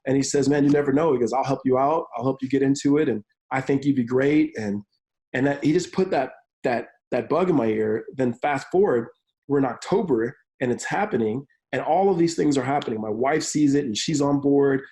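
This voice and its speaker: A man in his thirties, a football coach and pastor, telling his story in an energetic interview, speeding up in quick bursts. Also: medium pitch, low-quality recording. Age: 30s. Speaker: college football analyst and pastor. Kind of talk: remote interview.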